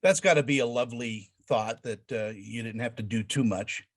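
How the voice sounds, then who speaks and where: A man's voice: medium pitch, moderate pace. A man hosting a celebrity interview, enthusiastic and stumbling over his words as he asks questions. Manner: enthusiastic, repeats words while searching for them. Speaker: interview host. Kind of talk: casual interview chat.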